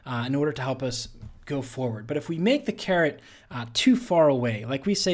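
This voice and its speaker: A man's voice: medium pitch, expressive, a little fast. A male athlete hosting a solo podcast, talking earnestly and conversationally with frequent fillers.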